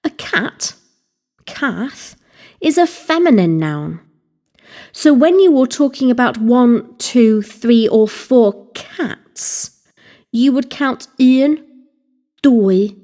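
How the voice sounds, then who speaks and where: A woman narrating a scripted Welsh language lesson, slowly spelling out words and examples. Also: fairly high pitch, lively intonation, dark tone. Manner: slow, deliberate, spelling out vocabulary.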